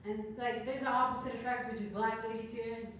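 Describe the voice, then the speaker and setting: A woman in her thirties from Canada doing a stand-up comedy set, telling stories with deadpan, dark punchlines. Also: a little high, a little fast, a little hiss or hum. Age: 30s. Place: comedy club stage. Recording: echoey club room heard from a distance.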